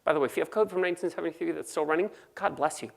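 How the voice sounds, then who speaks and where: Californian woman, low gravelly voice, fast joking conference presenter. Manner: quick, joking, conversational. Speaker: conference speaker. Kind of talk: technical conference talk.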